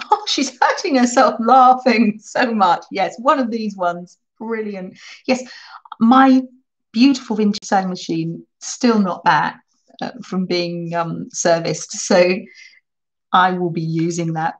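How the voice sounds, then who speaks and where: A woman hosting a live crafting stream, chatting warmly with viewers and answering their comments as she works. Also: mid-range voice, animated, unhurried, poor audio. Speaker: crafting channel host.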